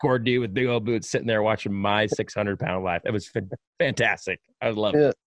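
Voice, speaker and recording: A man's voice: fairly low pitch, brisk, no echo. A man hosting a podcast, a radio broadcaster who tells stories with emphasis and enthusiasm in casual conversation. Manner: animated storyteller, emphatic.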